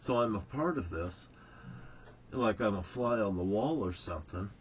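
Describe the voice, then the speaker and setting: A man's voice: on the low side, animated, normal speed, a little hiss or hum. A man telling a meandering, chatty story to his viewers, full of asides and restarts. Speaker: vlogger. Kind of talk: casual rambling storytelling. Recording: dull lo-fi sound with faint ambience.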